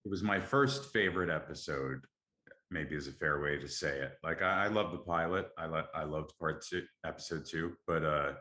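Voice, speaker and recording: A man hosting a casual podcast with a deep, bright-toned voice, chatting in an upbeat, enthusiastic way. His voice rings in an echoey room. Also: normal speed. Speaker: podcast host.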